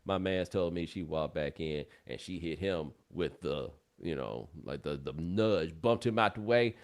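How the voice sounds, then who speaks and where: A man's voice: deep voice, unhurried. A man in his forties hosting a podcast, telling stories in loose, colloquial chat. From United States. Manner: loose, colloquial, animated storyteller. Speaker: podcast host. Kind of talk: casual storytelling chat.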